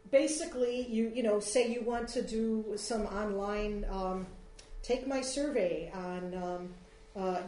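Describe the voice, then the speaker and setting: A warm, medium-pitched female voice leads an informal workshop talk about free online tools to a small group. Her delivery is chatty and rambling with frequent fillers, captured in an echoey room with slight noise.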